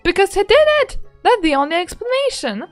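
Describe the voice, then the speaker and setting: A woman's voice: sits high, expressive, moderate pace, faint music behind. A woman voicing a boastful, blustering rich older man with a put-on Irish lilt while playing a game. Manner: bragging, loud, folksy put-on Irish lilt. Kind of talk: voicing game characters in a playthrough.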